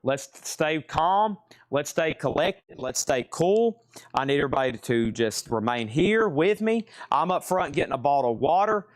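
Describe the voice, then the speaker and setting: A man hosting a live vinyl record sale stream from a record shop, calling prices in joking, rapid-fire patter and repeating his lines. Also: on the high side, very animated, dry recording.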